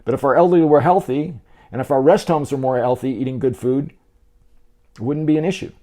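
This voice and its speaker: Between bites, a man hosts a casual health video, chatting to the camera in a mid-range, dark-toned voice at a fairly quick clip. He's encouraging and speaks straight to the viewer, often repeating and restarting words.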